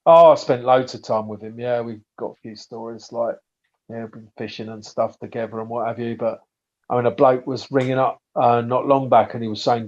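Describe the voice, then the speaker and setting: A man's voice: mid-range voice, steady tone, brisk, a little mellow. Chatty English man, dull lo-fi sound. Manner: chatty storyteller, frequent swearing and restarts. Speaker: podcast guest, bait maker. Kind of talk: casual podcast chat.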